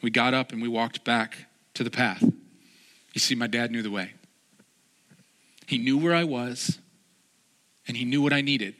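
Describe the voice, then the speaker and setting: Guy preaching, bright forceful voice, earnest, keeps repeating lines for punch. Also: medium pitch, a little slow, pauses often. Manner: earnest, repeats phrases for emphasis. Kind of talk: sermon with personal story.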